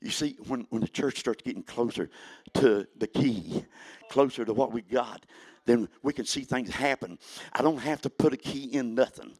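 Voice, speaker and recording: A man of eighty, preaching a sermon in a folksy storytelling way that builds to fervent shouting. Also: mid-range voice, moderate pace, husky, dry recording. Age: 80s.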